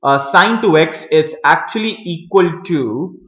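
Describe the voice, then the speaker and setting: A man teaching a math lesson, talking viewers through each step with many pauses and fillers. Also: a little high, animated, sharp tone, reverberant, dull audio. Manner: hesitant, many fillers, addresses viewers as guys.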